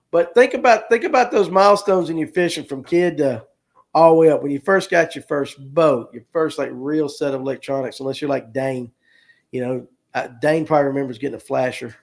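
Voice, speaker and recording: A North Georgia man hosts a casual fishing livestream show, joking around, reading comments aloud and calling viewers by name in a folksy way. His voice is on the high side, gravelly and fairly quick.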